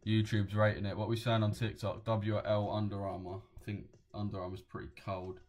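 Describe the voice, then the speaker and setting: A man's voice: fairly low pitch, flat delivery, a little fast, a little mellow. Laddish young man streaming. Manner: slangy, laddish, addresses chat as boys and mate. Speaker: live-streaming forex trader. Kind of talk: casual live-stream chat with viewers.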